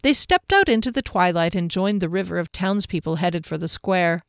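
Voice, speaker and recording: A woman narrating a fantasy story aloud in a steady, even storytelling manner. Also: fairly low pitch, normal speed, clear, resonant tone, dry recording, studio quality. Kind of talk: audiobook narration.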